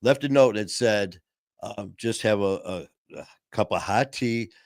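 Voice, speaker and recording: A man's voice: lowish voice, a little slow, creaky, no room sound, clean studio sound. A middle-aged man hosting a podcast, telling stories in casual chat and laughing often. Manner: storytelling, laughs often, acts out voices in anecdotes. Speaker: podcast host.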